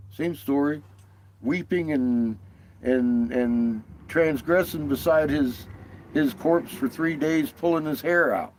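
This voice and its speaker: A man's voice: medium pitch, a little mellow. A man delivering a heated, rambling, profanity-laced monologue while riding in a vehicle. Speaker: video creator. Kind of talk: casual rant.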